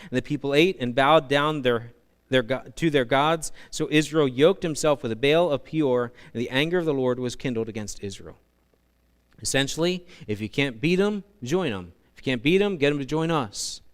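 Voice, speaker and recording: A male pastor preaching a sermon, telling the story in an animated way with humorous asides to the congregation. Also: fairly high pitch, moderate pace, smooth.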